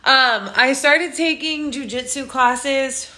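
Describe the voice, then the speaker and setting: A woman's voice: sits high, slow pace, pushed and bright, dry recording, poor audio. A young woman casually vlogging her day from her car, chatty, swearing freely and poking fun at herself. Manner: profane, chatty and self-mocking. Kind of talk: casual day-in-the-life vlog.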